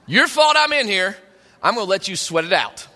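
A man's voice: sits high, big pitch swings, moderate pace, bright, forceful tone, full character voice. A man voicing a wronged prophet in a lions' den who talks in a sarcastic, teasing way. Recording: long hall reverb.

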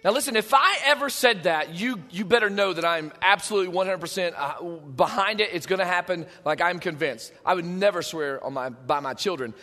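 A man preaching a sermon in a conversational, animated way, with joking asides to his congregation. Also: high voice, brisk, hardly any pauses, in a large hall. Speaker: pastor. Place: church sanctuary.

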